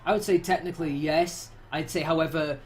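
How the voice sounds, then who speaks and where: A man's voice: on the high side, steady tone, fairly quick, a little mellow, a little hiss or hum. A young man from England with an English accent, chatting casually as a game-master host, swearing a lot and mimicking other people's voices. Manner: swearing, mimicking voices, laughing at his own jokes. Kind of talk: casual banter between game sessions.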